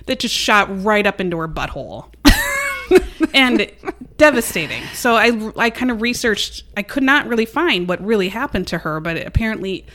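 Bright, lively woman telling a crime story. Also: medium pitch, moderate pace. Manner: giggly, animated storytelling. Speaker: podcast host. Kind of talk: casual true-crime chat.

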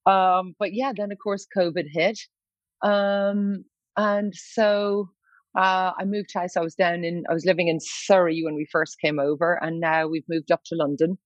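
A woman actress, a guest on an interview, chats in a lively, jokey way from home. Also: fairly low pitch, unhurried, dry recording. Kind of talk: casual interview chat. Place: home in London. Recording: dry, dull lo-fi call audio.

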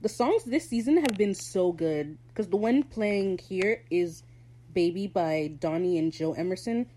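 A woman hosting a casual solo podcast recap, chatting in a gushing, excitable fan manner. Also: mid-range voice, a little slow, a little hiss or hum, rough recording. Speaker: podcast host.

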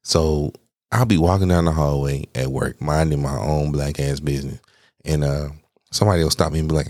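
A man hosting his own podcast in a casual, candid, rambling way, laughing between phrases, swearing freely and poking fun at himself, with a deep voice that people praise as made for radio. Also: fairly even intonation, fairly quick, a little mellow, dry recording, clean studio sound. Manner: candid, rambling, self-deprecating. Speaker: podcast host. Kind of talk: casual solo podcast chat.

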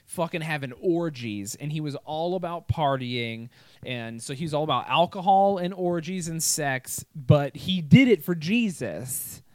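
A man's voice: a little high, animated, a little slow, darkish tone, no room sound. A young man hosting a podcast, telling a history story in a crude, swearing, joking way. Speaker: podcast host. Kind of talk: casual comedic storytelling.

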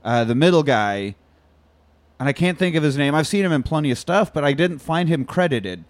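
A man's voice: a little high, a little fast, no room sound. A man hosting a casual chat, retelling a film scene by scene and swearing freely. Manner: profane, animated retelling with acted quotes. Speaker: podcast host.

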